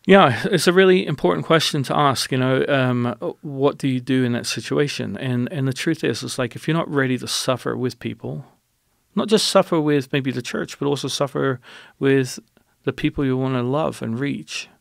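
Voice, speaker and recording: A man who is a guest on a radio interview, telling a personal story in an animated, rambling way with many restarts. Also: medium pitch, moderate pace, vocal fry, no echo, studio quality.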